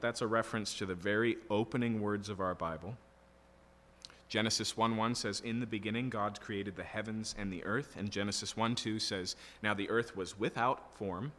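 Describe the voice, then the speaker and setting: A man's voice: mid-range voice, pushed and bright. A male pastor preaching an expository sermon in an earnest, emphatic teaching manner, checking in often with his listeners. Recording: long reverb of a large hall.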